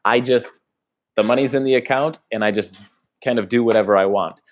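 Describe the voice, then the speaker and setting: A man's voice: mid-range voice, fairly quick, highs cut off. An American man, a travel vlogger, chatting casually on a livestream as he reads viewer comments, rambling and laughing between thoughts. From United States.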